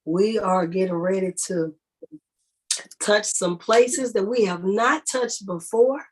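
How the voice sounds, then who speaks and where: A woman from Dallas, Texas, an empowerment coach speaking as a guest on a live stream, energetic and casual. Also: mid-range voice, takes it slowly, rough recording. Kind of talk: livestream guest talk.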